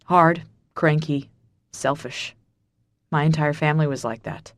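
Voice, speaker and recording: A woman narrator voicing a brooding mafia boss with a low, gravelly voice, in an audiobook. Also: fairly even intonation, measured pace, dry recording, close to an everyday voice. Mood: bitter. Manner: quiet, clipped, bitter.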